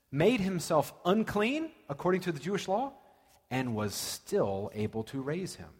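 A man preaching a sermon, telling stories with dramatic pauses and lively emphasis. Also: on the high side, breathy edge. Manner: animated storytelling with dramatic pauses. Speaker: pastor. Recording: long reverb of a large hall.

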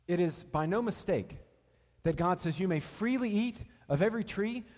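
A man preaching a sermon, animated and joking with the congregation between points. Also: fairly high pitch, long reverb tail.

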